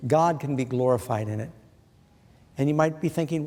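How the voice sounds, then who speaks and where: A man's voice: fairly high pitch, moderate pace, warm tone. A middle-aged man preaching a sermon in an earnest way, putting questions to his listeners. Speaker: pastor. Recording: long hall reverb.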